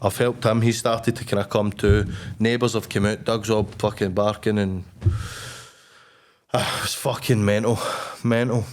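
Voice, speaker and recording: A young Scottish man, a podcast guest, telling a wild story in a blunt, sweary, animated way. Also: lowish voice, a little slow, slight background noise. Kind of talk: casual storytelling.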